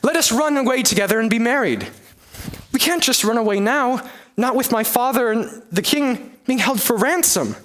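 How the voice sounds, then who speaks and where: A young man voicing a distressed, melodramatic young noblewoman in a high, falsetto-like voice, in a comic one-man play. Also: expressive, normal speed, a bit bright. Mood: urgent. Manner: breathless, melodramatic.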